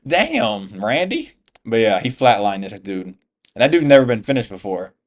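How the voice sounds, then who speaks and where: A man's voice: on the low side, sing-song, normal speed. A man from the US, an MMA YouTuber, giving casual fight reaction commentary in slangy, profane talk, calling everyone "bro.".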